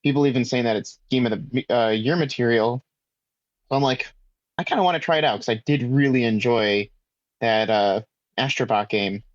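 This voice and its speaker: A man co-hosting a podcast in casual chat, relaxed and thinking aloud with plenty of fillers. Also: mid-range voice, normal speed, no room sound, dull audio. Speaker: podcast co-host.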